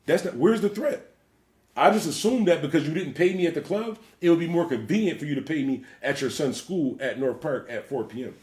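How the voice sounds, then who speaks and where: Male DJ, livestream rant, blunt and profane, rapid delivery, echoey room. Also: fairly high pitch, expressive, darkish tone. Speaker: DJ and livestream host. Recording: roomy echo.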